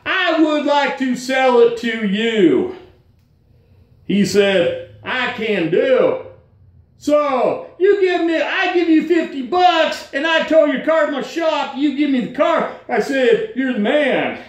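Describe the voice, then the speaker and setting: High-pitched dude rambling a car story, slangy, super echoey room. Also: male voice, slow. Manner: animated, acts out quoted lines with jumps in pitch; slangy, folksy. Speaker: vlogger. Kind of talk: casual storytelling to camera. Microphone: phone held at arm's length.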